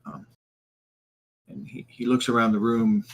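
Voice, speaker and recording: A man narrating as game master, halting with many fillers and restarts. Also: mid-range voice, little pitch movement.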